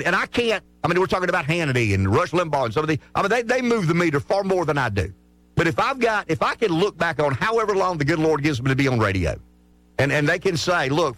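Southern male radio host, rural drawl, lively pitch, emphatic and passionate, dry studio sound. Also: no echo. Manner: passionate, emphatic, repeats words as he builds his point. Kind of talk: morning radio talk.

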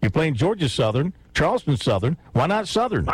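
A man's voice: fairly high pitch, big pitch swings, normal speed, slightly rough, dry recording, low-quality recording. A man hosting sports talk radio, making playful predictions and teasing his caller. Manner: playful, teasing, laughs at his own picks.

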